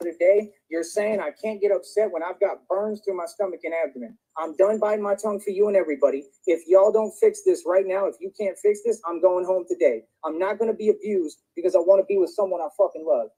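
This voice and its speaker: A man's voice: high-pitched, fast talker, few pauses, mellow, slightly rough, poor audio. Agitated man ranting. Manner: agitated, threatening, repeats himself. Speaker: streamer in played clip. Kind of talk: angry livestream rant.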